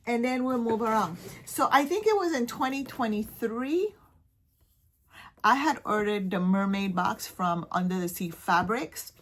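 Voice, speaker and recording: A woman's voice: fairly high pitch, animated, a little slow. Chatty woman with a Caribbean accent. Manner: chatty, trailing off and restarting, dropping to soft near-whispers. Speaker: cross-stitch vlogger. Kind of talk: casual show-and-tell chat.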